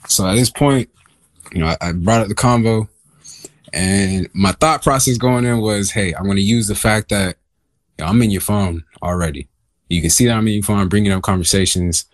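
A man's voice: low-pitched, no room sound. A young man casually telling a personal story on a podcast, meandering and laid-back with many fillers. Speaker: guest telling his story.

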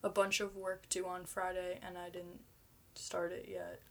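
A young woman in her twenties chats on a casual podcast with a bright, clear voice. Her manner is easygoing and playful. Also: on the low side, completely flat delivery, measured pace. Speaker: podcast co-host.

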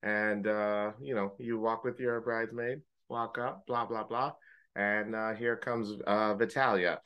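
A man co-hosting a podcast, telling a story in casual chat, animated, swearing freely and mimicking friends in high joking voices. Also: a little slow, clean tone, muffled recording. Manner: swears casually, uses gamer slang. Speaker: podcast co-host.

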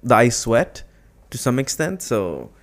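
A man's voice: mid-range voice, big pitch swings, a little slow. A young man co-hosting a casual chat, rambling with lots of fillers and joking about himself. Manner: rambling, filler-heavy, self-deprecating. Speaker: podcast co-host, newlywed husband.

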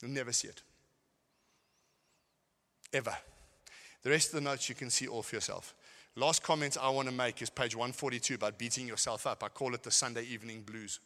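A middle-aged man preaching a sermon, telling stories and swinging between shouted lines and quiet asides. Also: medium pitch, steady tone, fairly quick, long pauses. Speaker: pastor. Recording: hall with long reverb.

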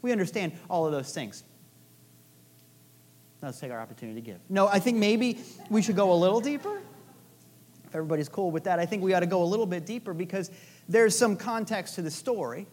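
A woman's voice: on the low side, animated, fast, pauses often, a little mellow. A woman preaching a sermon in a casual, playful storytelling way, with chatty asides to the listeners. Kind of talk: conversational sermon.

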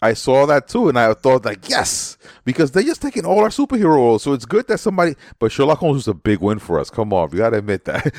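An American man in his thirties, co-hosting a casual movie review chat, joking and expressive. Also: medium pitch, quick pace, no echo, clean studio sound.

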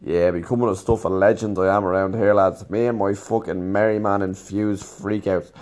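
A man's voice: sits low, steady tone, normal speed, darkish tone. A man telling a rambling, casual anecdote, swearing freely as he goes. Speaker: teacher and storyteller.

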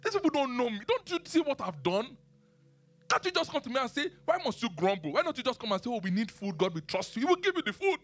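Guy doing an exasperated god scolding ungrateful folks, voice jumps way high. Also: sing-song, fast talker, exaggerated voice. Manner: pleading, incredulous rhetorical questions.

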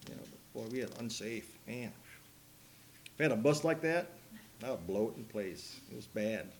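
A man preaching a sermon, mixing folksy rambling stories with slow, emphatic preaching. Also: fairly low pitch, lively intonation, a little hiss or hum. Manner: folksy, rambling storytelling with asides and laughs. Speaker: pastor.

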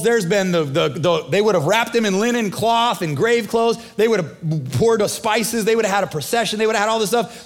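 A man preaching a sermon as a pastor, in a casual, conversational way, acting out the dialogue of the story. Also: high-pitched.

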